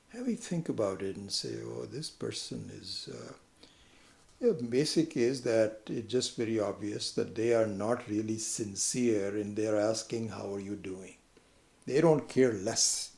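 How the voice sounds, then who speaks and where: A man giving a conversational lecture on scripture, who now and then jumps into a much higher voice when acting out what other people say. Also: gravelly, a little mellow, roomy sound. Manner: conversational, acts out quoted people with sudden high pitch. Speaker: spiritual teacher.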